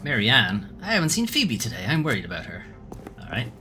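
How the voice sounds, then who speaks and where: A man's voice: medium pitch, wildly swooping pitch, fairly quick, soft background music. A man streaming a game demo, giving casual commentary full of sarcastic, wry asides.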